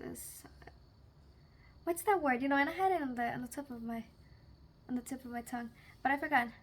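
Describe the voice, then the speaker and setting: A woman's voice: a little high, slight background noise. A young woman talking casually to camera as a vlogger, chatty and giggly, often searching for the right word. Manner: chatty, giggly, gropes for words.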